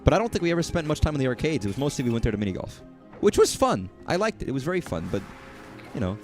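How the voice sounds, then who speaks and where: A man's voice: mid-range voice, big pitch swings, rapid-fire, a little mellow, soft background music. A man from Texas streaming, rambling casually, joking and swearing as he talks.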